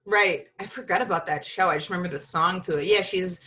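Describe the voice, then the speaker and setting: A woman's voice: on the low side, fast, pushed and bright. A woman co-hosting a podcast, a comedian talking in an easygoing, rambling way. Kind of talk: casual chat.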